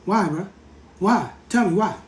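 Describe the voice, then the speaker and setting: A man hosting a livestream, lecturing in a casual, animated way, repeating himself and talking straight to his chat. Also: high-pitched, unhurried, echoey room, a little hiss or hum. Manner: animated, repetitive, keeps addressing the chat. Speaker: livestream host.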